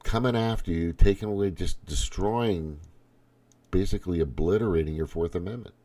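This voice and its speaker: A man's voice: sits low, moderate pace, mellow. A middle-aged man hosting a casual political monologue, angry and profane, often restarting his sentences. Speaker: political commentary host.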